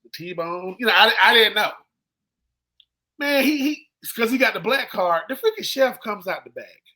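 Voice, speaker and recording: A man's voice: extremely high pitch, moderate pace. A man in his forties co-hosting a sports podcast, telling stories casually and acting out the people he quotes. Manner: animated storyteller who acts out quoted people. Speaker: co-host, former football player.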